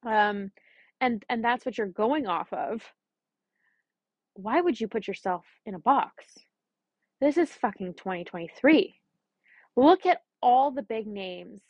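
A young adult woman hosting her own podcast, talking in a chatty, blunt and animated way, with the odd swear word. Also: on the high side, takes it slowly, pauses often, dry recording, highs cut off. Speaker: podcast host. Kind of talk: casual solo podcast monologue.

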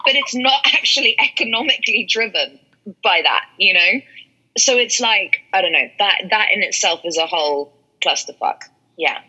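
A woman's voice: mid-range voice, animated, normal speed, sharp tone, husky. A woman from London, an actress and mentor, talking candidly and with emphasis in an interview, laughing often. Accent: London English. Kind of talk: casual interview talk. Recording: dull lo-fi audio.

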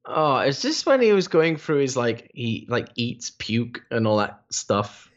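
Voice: mid-range voice, very animated, unhurried, dull audio. A podcast co-host chiming in with incredulous, playful reactions during a casual chat.

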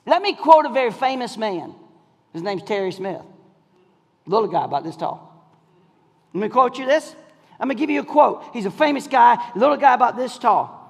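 A male pastor preaching to his congregation in a church, his high voice leaping up and down as he moves from shouting to soft, hushed lines. His words ring out with a long hall reverb from the room. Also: expressive, normal speed, gravelly, pauses often. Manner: swings from shouting to near whispers, call-and-response. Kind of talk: sermon. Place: church sanctuary.

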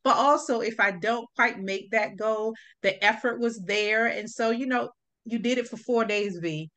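A woman's voice: fairly high pitch, normal speed, a bit bright. A woman hosting a casual chat, emphatic and agreeable, moving through prepared questions. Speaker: host.

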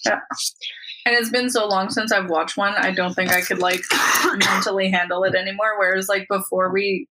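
A woman's voice: mid-range voice, little pitch movement, normal speed, very noisy. A young woman co-hosting a podcast in casual chat, laid-back, laughing and swearing casually. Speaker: podcast co-host.

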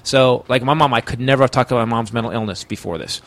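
A man who is a comedian guest on a podcast, telling stories in a lively, profane way. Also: mid-range voice, fast talker, no room sound. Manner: animated, profane storytelling. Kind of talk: casual podcast conversation.

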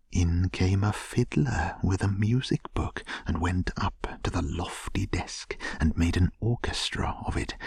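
A man gently narrating a classic tale as a soothing bedtime story in a soft, hushed, half-whispered way. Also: low-pitched, gravelly, husky, no echo, studio quality.

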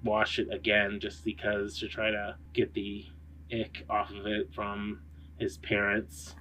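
Male podcast co-host, relaxed and chatty. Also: fairly low pitch, measured pace, slight background noise. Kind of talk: casual chat.

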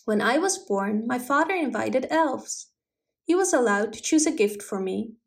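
A woman voicing a gentle, quiet young boy from the woods, speaking softly, plainly and earnestly. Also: on the high side, lively intonation, moderate pace, vocal fry.

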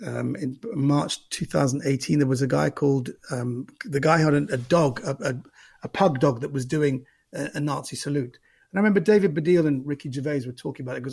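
Gravelly comedian, husky voice. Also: male voice, a little high, quick pace, a little mellow. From Central London. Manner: thoughtful, repeats words while gathering thoughts. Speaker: stand-up comedian guest. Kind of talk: casual interview chat.

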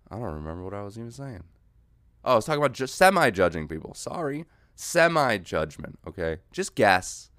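A man hosting a solo podcast, rambling through a comedic monologue, losing his train of thought and jumping into yelled mock voices. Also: lowish voice, dry recording, clean studio sound. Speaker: podcast host.

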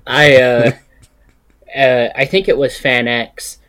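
A man's voice: mid-range voice, steady tone, slow pace, fairly bright tone, smooth. A man co-hosting a podcast in casual chat, with a laid-back manner and easy laughs. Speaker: podcast co-host.

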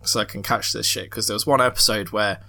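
A man's voice: on the low side, steady tone, quick pace, pushed and bright. A young man hosting a podcast, telling stories in casual chat, swearing freely and laughing often. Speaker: podcast host. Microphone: headset mic with headphones.

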